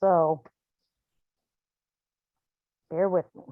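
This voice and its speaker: A woman's voice: lowish voice, steady tone, very slow, dry recording. Woman hosting a healing group over a video call: candid, chatty, plenty of ums, dry dull audio. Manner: candid and chatty, with frequent "um" and restarts. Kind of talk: casual talk on a video call.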